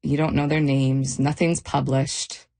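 A middle-aged woman retelling a frightening night in a halting, shaken interview. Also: deep voice, flat delivery, mellow. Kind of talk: personal testimony interview.

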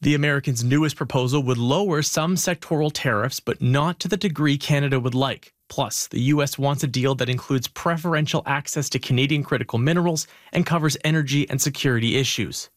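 A man filing a scripted news report with an even, measured delivery. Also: mid-range voice, no room sound, clean studio sound.

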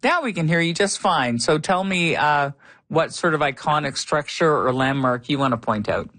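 A radio host chatting on a call-in show, curious and quick to laugh, reading emails and taking calls. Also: mid-range voice, animated, fairly bright tone, dry recording.

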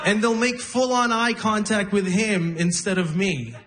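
A man's voice: high-pitched, fairly bright tone. Wry male stand-up comedian on stage. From Arab region. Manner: wry, self-deprecating storytelling with quick character voices. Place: comedy stage with a laughing audience.

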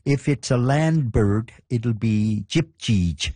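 A man's voice: medium pitch, slow pace, mellow, dry recording. A man being interviewed, patiently explaining and repeating words from his language. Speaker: interview guest. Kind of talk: casual interview.

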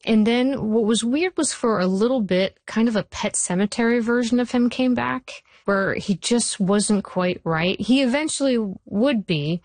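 A woman in her forties, a TV series creator, telling stories in an animated way during an interview, full of "like" and "um". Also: on the high side, measured pace, hardly any pauses, dry recording. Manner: animated storyteller, frequent "like" and "um". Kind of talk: interview conversation.

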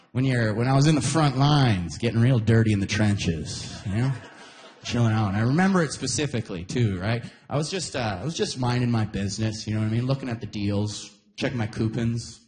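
A male stand-up comedian from Alberta telling a rambling, animated story to a live audience. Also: mid-range voice. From Alberta, Canada. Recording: echoey hall with audience noise.

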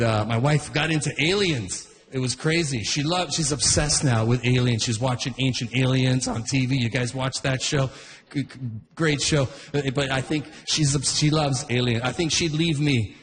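A man in his forties doing stand-up, telling rambling stories, cutting himself off and restarting, with animated impressions. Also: medium pitch, normal speed. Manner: rambling, self-interrupting, animated quacking impressions. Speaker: stand-up comedian. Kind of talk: stand-up storytelling. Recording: live venue reverb, faint ambience.

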